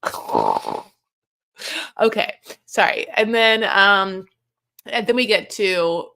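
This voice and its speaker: A young woman in a casual recap chat, speaking at a middle pitch. She jokes, swears offhandedly and acts out lines from the show as she retells scenes. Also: slow pace, sharp tone, smooth. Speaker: podcast co-host.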